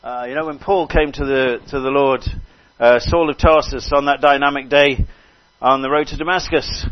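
An older man preaching a sermon with fervour, repeating phrases and crying out hallelujah between soft asides. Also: mid-range voice, steady tone, moderate pace, dry recording. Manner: fervent, swings between loud exclamations and soft asides. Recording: dull lo-fi recording.

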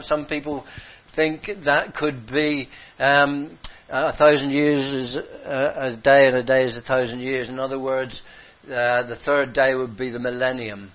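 A man preaching a sermon, halting and repeating himself, swinging from hushed to impassioned. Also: medium pitch, level tone. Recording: dull lo-fi recording.

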